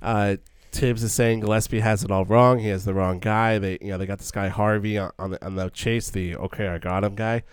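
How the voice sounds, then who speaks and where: Low, smooth-voiced man talking films. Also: steady tone, fairly quick, no room sound, clean studio sound. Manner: earnest, stumbling restarts, repeats words as he thinks aloud. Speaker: podcast co-host. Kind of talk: casual film discussion.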